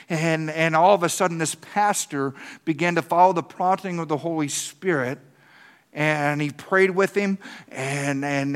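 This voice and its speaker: A man's voice: on the high side, a bit bright. A man preaching a sermon as pastor, impassioned, often repeating words and putting questions to the congregation.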